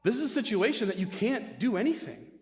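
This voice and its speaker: A man voicing his calm, skeptical wife, speaking in a flat, matter-of-fact way. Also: a little high, brisk, echoey room, big-room sound.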